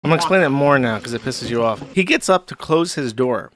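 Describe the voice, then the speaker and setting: A man's voice: medium pitch, expressive, fast talker, crowd noise. A man hosting a show, commenting on clips in a sardonic, mocking casual way. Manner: sardonic, mocking, laughs often. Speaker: host.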